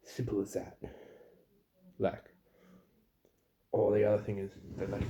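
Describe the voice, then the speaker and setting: Gravelly low-voiced man ranting. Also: monotone, a little slow, background noise. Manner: blunt, swearing, acts out customers in quotes. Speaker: fast food worker. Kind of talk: casual storytelling rant.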